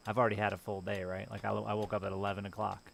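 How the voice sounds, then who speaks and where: Male game streamer, gravelly, wry and self-mocking, talking to chat into a desk mic. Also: on the low side, level tone, racing, a little hiss or hum. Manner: sardonic, self-deprecating, talks to chat. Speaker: live streamer. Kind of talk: casual chat while playing a game on stream. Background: game music.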